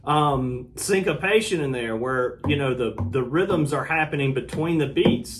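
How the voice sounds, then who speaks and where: A middle-aged man giving a relaxed, casual guitar lesson, explaining strumming and sometimes scatting the rhythm. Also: on the high side, normal speed, hardly any pauses. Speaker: guitar teacher. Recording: loud guitar under the voice. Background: acoustic guitar playing.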